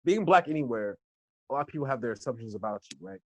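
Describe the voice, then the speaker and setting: A young American man from Los Angeles, a guest in a casual interview, telling stories with lively acted-out quotes and frequent laughs. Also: medium pitch, fast talker, dry recording. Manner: animated storyteller who acts out quoted voices, laughs often. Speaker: interview guest, hip hop instructor.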